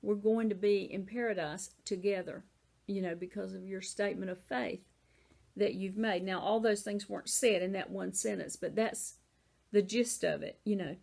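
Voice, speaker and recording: A woman's voice: medium pitch, steady tone, moderate pace, gravelly, a little mellow. A woman with a Southern American accent teaching a Bible lesson in a casual, conversational way, often saying "you know".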